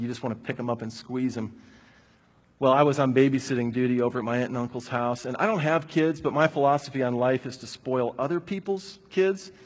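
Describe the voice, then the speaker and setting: A man preaching a sermon, telling a personal story in a conversational way before drawing his point from it. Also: medium pitch. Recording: long hall reverb.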